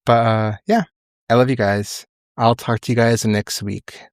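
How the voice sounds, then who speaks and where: A man's voice: mid-range voice, fairly even intonation, measured pace, dry recording, studio quality. A young man hosting his own podcast, talking candidly and emotionally in casual solo chat, swearing freely. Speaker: podcast host.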